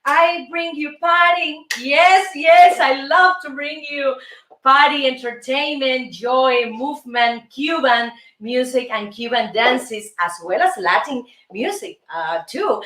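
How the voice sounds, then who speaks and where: A woman's voice: on the high side, a bit bright, reverberant, distant mic. A woman hosting a casual dance lesson, counting steps aloud in a chatty, playful way. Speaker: host and dance teacher.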